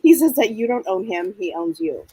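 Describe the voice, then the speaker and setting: A woman co-hosting a live psychic show, with a smoky voice hoarse from a cold, playful and chatty. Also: mid-range voice, animated, moderate pace, warm tone, dry recording, low-quality recording. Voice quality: smoky, husky. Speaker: psychic reader, co-host. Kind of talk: live psychic reading chat.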